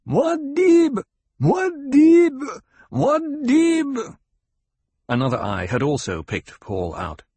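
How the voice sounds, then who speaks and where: A man narrating an audiobook in a steady, measured way. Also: lowish voice, slightly rough, no echo. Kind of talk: scripted narration.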